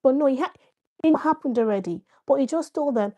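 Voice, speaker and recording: High-voiced woman hosting a live stream. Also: a little fast, warm tone. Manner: chatty, greets viewers by name, explains with examples. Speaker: live-stream host giving parenting advice. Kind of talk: casual live-stream talk.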